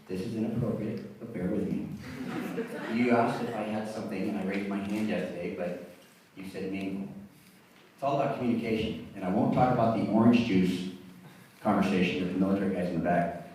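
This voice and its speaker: A man's voice: on the low side, brisk, a little hiss or hum. A middle-aged man giving a rambling, self-deprecating father-of-the-bride toast at a wedding. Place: wedding reception hall. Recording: echoey reception hall, distant mic.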